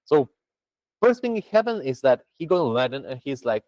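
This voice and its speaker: A man's voice: medium pitch, a little fast, dry recording, low-quality recording. A man teaching a Buddhist practice to a group over a video call, chatty and full of restarts. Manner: lively, chatty, with many restarts.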